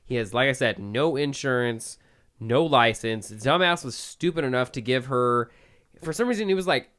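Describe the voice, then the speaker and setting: A young man tells a long story on a casual podcast, swearing freely and padding his sentences with "like". His voice sounds smooth and resonant. He talks at an everyday, middle pitch. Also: moderate pace, fairly bright tone. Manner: profane, rambling with many "like" fillers. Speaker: podcast co-host.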